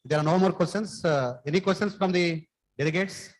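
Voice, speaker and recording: A man, chairing a conference session, politely asking questions with frequent pauses. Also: high voice, rough recording. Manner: polite, deferential, hesitant with fillers. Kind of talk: moderating a conference Q&A.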